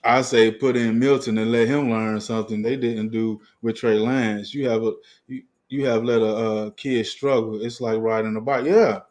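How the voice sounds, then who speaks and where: A man's voice: mid-range voice, normal speed. A man hosting a fan livestream, ranting profanely in heavy slang, laughing often and reading chat comments aloud. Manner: profane, animated, laughs often, restarts a lot; heavy slang, talks straight to viewers. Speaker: sports fan livestream host.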